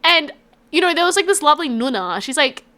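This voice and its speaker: Australian woman streamer, high voice, chatty and rambling while reading chat. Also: very animated, fairly quick, bright, forceful tone. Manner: chatty, rambling, reacting to chat with frequent laughs. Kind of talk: casual live-stream chat with viewers.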